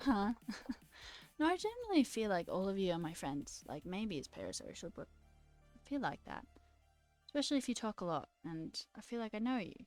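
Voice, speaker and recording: A woman streamer in a casual, rambling live-stream chat, talking playfully with her viewers and answering their comments. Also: a little high.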